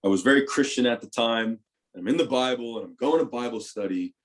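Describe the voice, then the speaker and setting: Young guy telling his story on a podcast, swearing, animated, gets loud then goes quiet. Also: medium pitch, brisk. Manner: animated, profane, swings between loud and hushed. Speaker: podcast guest, retired football player. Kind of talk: candid storytelling interview.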